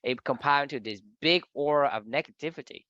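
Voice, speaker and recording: A man's voice: a little high, a little fast, pushed and bright, dry recording, highs cut off. A man co-hosting a podcast, explaining his ideas at length in a reflective, casual way. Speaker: podcast co-host. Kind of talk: casual discussion.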